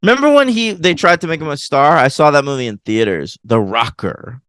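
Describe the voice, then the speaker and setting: A man co-hosting a casual film review podcast, animated and laughing often as he pokes fun at movie lines. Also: fairly high pitch, fairly quick, clean tone, dry recording. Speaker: podcast co-host.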